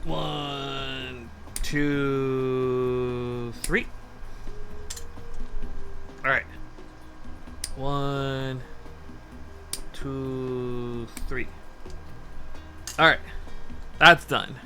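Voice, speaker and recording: A man streaming casually as he builds a model kit. He rambles, asks himself questions and counts steps out loud while he works. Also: mid-range voice, level tone, extremely slow, pauses often, soft background music. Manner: easily sidetracked, lots of restarts and rhetorical questions.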